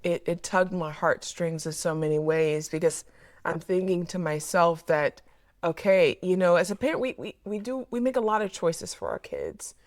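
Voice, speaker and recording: A woman's voice: fairly low pitch, animated, normal speed, a little mellow, dry recording, clean studio sound. A woman therapist sharing a personal parenting story in a candid, reflective way, often repeating words as she thinks. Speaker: mental health therapist.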